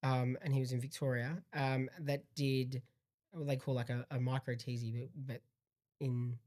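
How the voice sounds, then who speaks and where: A young man chatting as a podcast guest, halting and pausing often with ums while he searches for words. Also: mid-range voice, flat delivery, a little mellow. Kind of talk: casual chat.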